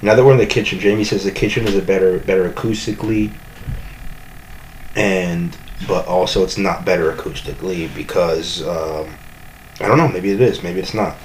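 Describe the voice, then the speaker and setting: A man's voice: deep voice, moderate pace, a little hiss or hum, rough recording. A man hosting a comedy podcast from his home kitchen, rambling with joking bravado and constant self-corrections. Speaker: podcast host.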